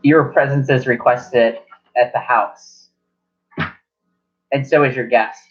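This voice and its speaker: A man's voice: mid-range voice, fairly even intonation, slow, soft background music. A man narrating as game master at a tabletop game, rambling and correcting himself as he goes, in a lo-fi recording.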